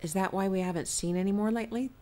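A woman's voice: mid-range voice, fast, dark tone, lightly acted. A woman voicing an eager, inquisitive researcher who keeps pressing for answers.

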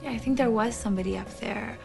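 A gravelly, gossipy neighbor woman. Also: on the high side, quick pace. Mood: breezy. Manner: gossipy, breezy. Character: chatty friendly young female neighbor. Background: film score music.

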